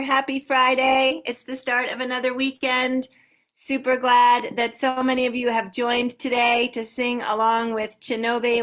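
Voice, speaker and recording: A woman hosts an online sing-along and cheerfully welcomes people one by one. Her voice sits high. It stays fairly level in pitch as she talks over a video call. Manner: warm, upbeat greetings to a long list of participants. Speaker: host.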